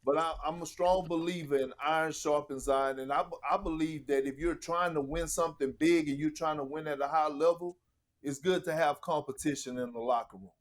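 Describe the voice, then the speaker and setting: A man guesting on a podcast, telling locker-room stories in a casual, animated and profane way, often acting out what others said. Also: a little high, brisk, slight background noise. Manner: animated, profane, acts out quotes. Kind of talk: casual storytelling.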